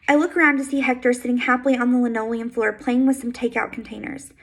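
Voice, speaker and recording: A woman reading a first-person novel aloud in a soft, steady, intimate way. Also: on the high side, fast talker, gravelly, rough recording. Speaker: audiobook reader.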